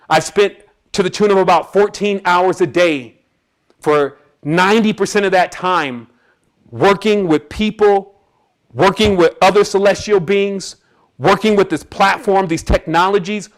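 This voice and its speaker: A man giving a casual, streetwise talk to an audience, telling a personal story and acting out the people in it. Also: high-pitched. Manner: casual and streetwise, acts out quoted voices. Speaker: spiritual presenter.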